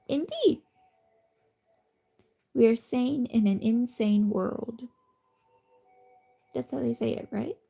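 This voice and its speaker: Slow rambly woman on a phone stream in bed at night, gravelly mellow voice, drifts into whispers. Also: on the high side, fairly even intonation, soft background music. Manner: rambling, self-deprecating, drifts into soft whispers. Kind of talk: late-night casual livestream chat. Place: cozy bedroom at night.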